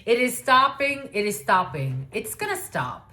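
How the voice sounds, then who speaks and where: A woman's voice: fairly high pitch, sing-song, measured pace, pushed and bright. Blunt, cussing woman giving a reading. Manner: blunt and profane, laughing asides. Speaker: spiritual reader. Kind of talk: casual channeled reading.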